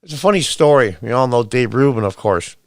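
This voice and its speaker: A man's voice: mid-range voice, expressive, brisk, no room sound, clean studio sound. Blunt, sarcastic male commentary host. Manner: reads quotes aloud, then rants back at them. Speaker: podcast host. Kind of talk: opinion commentary monologue.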